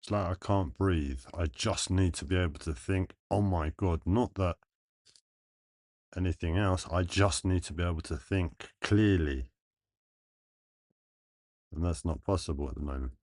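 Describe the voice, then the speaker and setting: A man with a deep, low-pitched voice speaks slowly and earnestly to his livestream viewers. He thinks aloud in halting phrases, pausing and restarting often. The sound is dry and close, with no room echo. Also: a little mellow. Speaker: live streamer.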